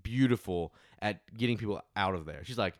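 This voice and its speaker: A man recapping a film's plot in casual chat, with quick laughing asides. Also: lowish voice, no room sound, clean studio sound. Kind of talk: casual film discussion.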